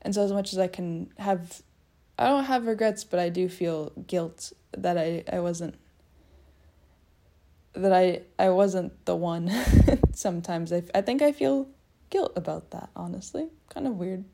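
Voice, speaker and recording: Low, gravelly young woman musing aloud. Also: a little slow, warm tone. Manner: musing, self-mocking, talks in loose circles. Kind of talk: rambling personal monologue. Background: people faintly heard in the hallway.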